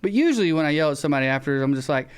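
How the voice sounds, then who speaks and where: A man with a Southern US accent, co-hosting a podcast, who tells a story in casual chat, acting out the shouted lines and swearing freely. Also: a little high, expressive, very fast, clean tone. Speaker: podcast co-host.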